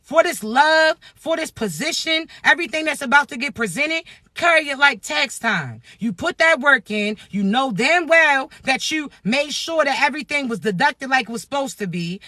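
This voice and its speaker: A woman with a Floridian accent giving an animated, profane spiritual pep talk to her viewers in a slangy, preachy way. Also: high voice, no room sound, studio quality. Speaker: spiritual motivational speaker.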